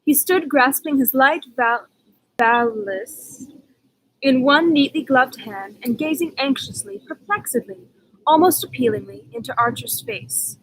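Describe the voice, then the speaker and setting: A woman reading a novel aloud at home in a measured, even narration. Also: high-pitched, breathy edge, poor audio. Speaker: audiobook reader.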